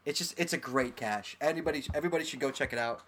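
Fast-talking excitable man rambling. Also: mid-range voice, a little hiss or hum. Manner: rambling, excitable, many fillers and restarts. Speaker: podcast co-host. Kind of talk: casual chat, listing favorite geocaches.

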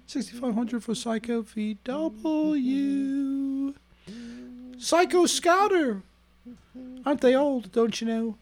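A chatty woman hosts a casual podcast and laughs easily between announcements. Her voice sits high and swings widely in pitch. She takes her time with each name and number. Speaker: podcast host.

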